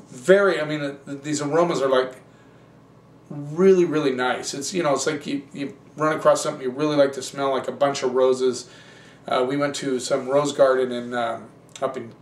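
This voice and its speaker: A man hosting a wine show, tasting and reviewing wines in a relaxed, rambling, conversational way. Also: mid-range voice, normal speed, reverberant, far from the mic.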